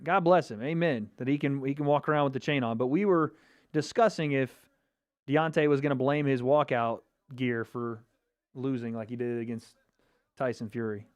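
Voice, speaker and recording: A man's voice: mid-range voice, normal speed, dry recording, lo-fi sound. A man hosting a casual livestream watch party, chatting and reacting to viewer comments. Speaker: livestream host.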